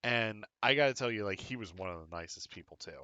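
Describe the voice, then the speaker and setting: A man's voice: fairly low pitch, fast, sharp tone, clean tone, dry recording, highs cut off. A man co-hosting a live podcast in casual chat, chiming in with short replies and talking in a laid-back way. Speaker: podcast co-host.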